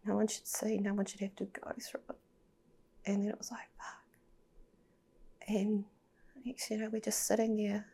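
A woman's voice: mid-range voice, monotone, normal speed, creaky, long pauses, dark tone, husky. A woman telling a personal story as a podcast guest, candid and emotional, swearing and sometimes dropping to a near-whisper.

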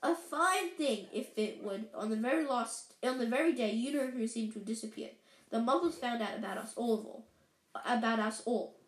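A woman doing a stern older witch, clipped and irritable, higher voice, roomy echo. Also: normal speed, close to an everyday voice.

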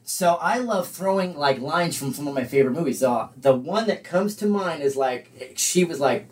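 A man's voice: on the high side, expressive, moderate pace, a little mellow. A man who is a guest on a podcast, telling rambling anecdotes and often checking in with "okay?". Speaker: interview guest. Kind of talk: casual storytelling in an interview. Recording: distant mic, room sound.

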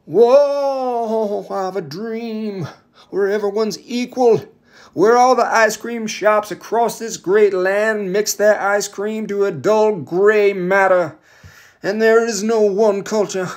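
Man doing a shrill mock preacher. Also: fairly even intonation, slow pace. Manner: swooping sing-song oratory, mocking. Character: shrill mocking parody of a male preaching orator.

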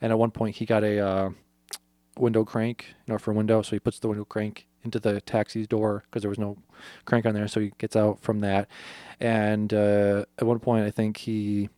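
This podcast co-host speaks at a moderate pace in a voice on the low side, with no echo. He walks through a movie's plot in casual detail, performing the characters' quotes with plenty of swearing and lots of animation.

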